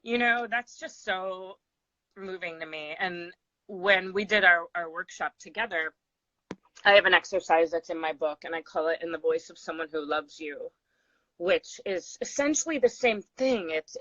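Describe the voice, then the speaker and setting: A woman host talks in a fairly low voice. She is effusive and rambling, with many fillers, in a casual live video chat. The audio is dry and dull, like a lo-fi stream. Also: normal speed, a bit bright, no room sound. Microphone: video call.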